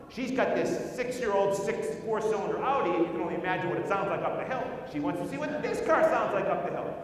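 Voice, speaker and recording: A man giving a keynote talk at a conference, telling a story and firing rhetorical questions at the audience. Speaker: conference speaker. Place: large conference hall. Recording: echoey hall recorded from far off, faint rumble.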